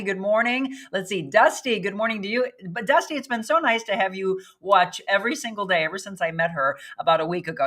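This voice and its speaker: Bright-voiced chatty woman host. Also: fairly low pitch. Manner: chatty, upbeat, greets viewers by name. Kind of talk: casual live-stream news chat.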